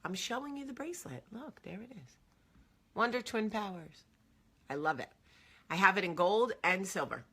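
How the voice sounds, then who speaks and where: A woman in her forties from New Jersey tells a personal story as host of her show. Her voice is bright and clear, and she talks in a chatty, emotional way full of fillers. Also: mid-range voice, expressive, normal speed, pauses often. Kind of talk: casual storytelling.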